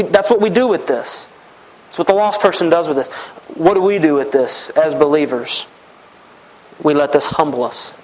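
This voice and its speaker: Earnest preacher man, fairly high voice. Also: poor audio. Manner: earnest, repetitive, voicing heartfelt prayers. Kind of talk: sermon.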